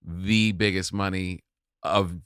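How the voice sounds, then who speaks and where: Middle-aged comedian guy on a podcast, lowish voice but really bright, laughs a lot. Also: steady tone, takes it slowly, clean tone, no room sound, clean studio sound. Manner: chatty, laughs often, acts out reactions. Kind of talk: casual comedic chat.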